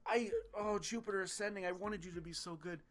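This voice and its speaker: Bright-voiced man, casual film rant. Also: sits high, brisk. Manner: animated, swearing, mimics film characters. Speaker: podcast co-host, film reviewer. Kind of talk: casual chat.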